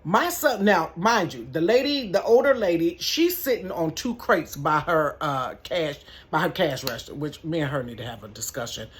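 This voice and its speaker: A middle-aged woman who manages a store tells a casual storytime vlog from her bedroom, chatty and animated, talking straight to her viewers. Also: low-pitched, normal speed, hardly any pauses, slight background noise.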